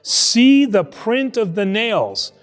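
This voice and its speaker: A man voicing Jesus as a calm, gentle risen man, speaking low, soft and solemn. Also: slow pace, long reverb tail, soft background music, full character voice.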